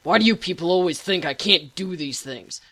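A woman voicing a frustrated male patient who talks loudly and with heat. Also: lowish voice, expressive, normal speed, dry recording, clean studio sound, exaggerated voice. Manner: shouting, heated.

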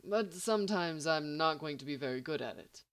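A brilliant young man, as a woman reads him, sheepish and a bit evasive, talking fast when he explains. Her voice stays low-ish but moves lively up and down.

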